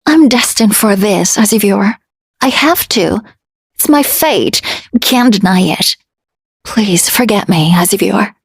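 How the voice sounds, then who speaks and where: A woman's voice: mid-range voice, animated, measured pace, vocal fry, slightly rough, no echo, studio quality, exaggerated voice. A woman voicing a young heartbroken princess who pleads tenderly in a storybook reading. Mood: pleading.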